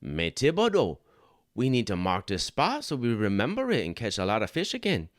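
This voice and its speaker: A man's voice: fairly low pitch, huge pitch swings, normal speed, no room sound, studio quality, pitched above the performer's own voice. A man voicing a dim-witted old Cajun fisherman with a thick Cajun accent, telling a folksy joke. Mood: eager.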